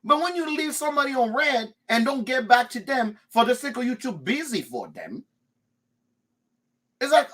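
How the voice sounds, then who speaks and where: Husky, lively-voiced male podcast host. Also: very high voice, moderate pace. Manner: animated and emphatic, swears, repeats words when worked up. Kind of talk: casual chat.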